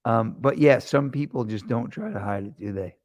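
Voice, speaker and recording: A man hosting a casual chat show, telling rambling jokey stories with quick asides. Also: mid-range voice, darkish tone, no echo, studio quality. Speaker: host.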